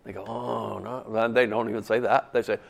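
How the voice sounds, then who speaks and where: A man's voice: fairly low pitch, steady tone, fast talker, vocal fry. Folksy, conversational male preacher. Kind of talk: sermon.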